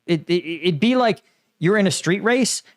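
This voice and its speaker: A man with a fairly high voice delivers casual, sarcastic political commentary as a channel host. He talks in a loose, conversational way, restarting his sentences often. The recording is dry and close, with no room sound. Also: expressive, moderate pace, no echo.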